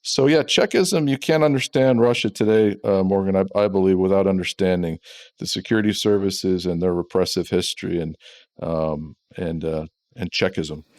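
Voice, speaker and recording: A middle-aged man with a lowish voice gives a podcast interview. He talks emphatically and repeats words when he gets fired up. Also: steady tone, moderate pace, darkish tone. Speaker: ex-CIA officer, guest expert.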